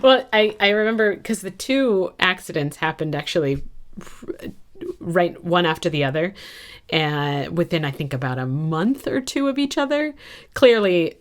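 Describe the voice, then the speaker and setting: A woman with a low-pitched voice chatting as a podcast guest. She tells her stories candidly and pokes fun at herself along the way. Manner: candid, self-mocking storyteller. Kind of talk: casual podcast interview.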